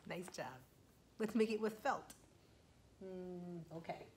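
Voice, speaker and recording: A young woman leading a children's storytime as a librarian, speaking gently and slowly to small children and often dropping to a whisper. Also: on the low side, slight background noise.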